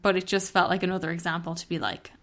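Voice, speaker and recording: A woman with a slightly low voice co-hosts a casual book club podcast. She talks in a candid, chatty way and swears freely. Street traffic drifts in through an open window behind her. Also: fairly even intonation, quick pace, fairly bright tone. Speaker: podcast co-host.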